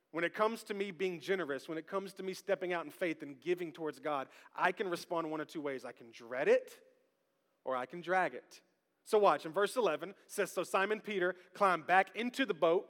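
Pastor, man, lively humorous sermon, high bright voice, long hall reverb. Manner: lively, humorous, calls out to the congregation.

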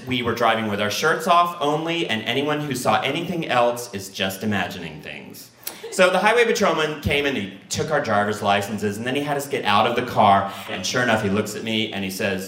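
A young man telling a funny personal story live, acting out his own panicked thoughts in sudden high bursts. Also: expressive, a little fast, sharp tone, reverberant.

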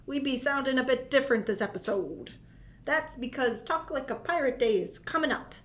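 High-voiced woman hamming up pirate talk. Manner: hammy pirate slang and growls. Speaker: library podcast host. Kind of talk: playful podcast intro in mock pirate talk.

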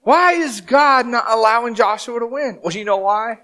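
A man in his thirties preaching a sermon as pastor, telling the story with animated, dramatic acted-out quotes. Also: extremely high pitch, normal speed.

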